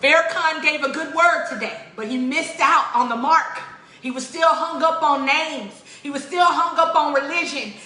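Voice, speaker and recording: Tearful woman preaching at the camera, high sharp voice, echoey room. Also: normal speed. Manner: emotional, pleading, repetitive preaching cadence. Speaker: religious vlogger. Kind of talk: impassioned spoken appeal. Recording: roomy echo.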